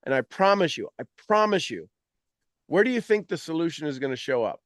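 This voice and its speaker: A man talking as a mentor, coaching his audience in an animated, teasing way and acting out their complaints in quoted voices. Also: a little high, a little fast, no room sound, clean studio sound. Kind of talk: motivational coaching talk.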